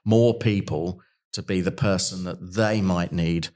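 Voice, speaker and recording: Man, middle-aged, low-pitched, lively storyteller. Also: a little slow. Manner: animated, jokey storyteller. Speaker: podcast guest. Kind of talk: casual conversational storytelling.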